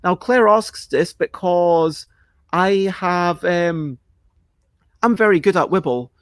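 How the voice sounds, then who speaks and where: A man with a fairly high voice chats casually on his live stream. He rambles and cuts himself off, and now and then he acts out a panicked reaction. The sound is close and dry, with no room echo. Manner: chatty, self-interrupting, acts out panicked reactions. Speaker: livestream host answering viewer questions.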